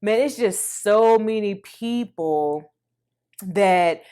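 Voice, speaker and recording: A woman in her thirties vlogging, telling an emotional personal story in a chatty, animated way and speaking to viewers as y'all. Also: mid-range voice, drawn-out words, clean tone.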